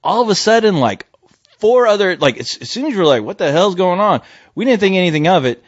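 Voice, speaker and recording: A man co-hosting a podcast, telling a story in casual chat, swearing and breaking into shouted impressions. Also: high-pitched, quick pace, no room sound. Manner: animated, swearing, jumps into loud shouted impressions of people. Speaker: podcast co-host. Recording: dry, dull lo-fi audio.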